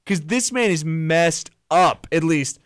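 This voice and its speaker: A man co-hosting a casual film podcast, rambling with lots of restarts and addressing listeners as ladies and gentlemen. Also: a little high, animated, slow pace, smooth, no room sound, clean studio sound. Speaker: podcast co-host.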